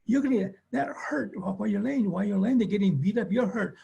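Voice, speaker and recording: Gravelly, husky-voiced man teaching earnestly. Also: high-pitched, fast, dark tone. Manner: earnest, repetitive, acts out quoted voices. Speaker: family therapist and webinar presenter. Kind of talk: teaching talk with personal stories.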